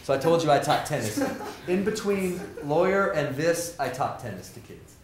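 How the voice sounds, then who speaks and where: A middle-aged man giving an energetic, joking lecture to students, acting out the people in his stories. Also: fairly high pitch, normal speed. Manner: animated, joking, acts out quoted people. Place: lecture hall with audience. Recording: roomy hall sound, faint noise.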